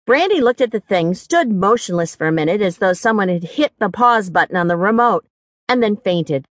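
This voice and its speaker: A woman narrating a first-person mystery audiobook in a wry, expressive way, recorded on a studio mic. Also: mid-range voice, fairly quick, no echo.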